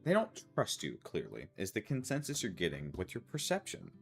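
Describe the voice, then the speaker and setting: Lively, halting game master narrating. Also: male voice, deep voice, gravelly, faint music behind. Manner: loose, halting, laughing between lines.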